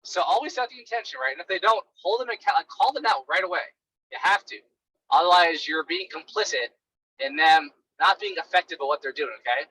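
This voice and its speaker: A man's voice: high-pitched, expressive, a little fast, sharp tone, slightly rough, dry recording, low-quality recording. A young man coaching sales calls in a casual, blunt monologue, full of fillers like "right" and "like".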